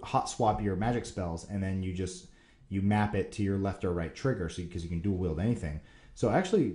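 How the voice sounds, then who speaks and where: A man's voice: lowish voice, mellow. A man hosting a casual Q&A, answering viewer questions in a rambling, enthusiastic way with lots of fillers. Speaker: Q&A show host. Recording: roomy echo.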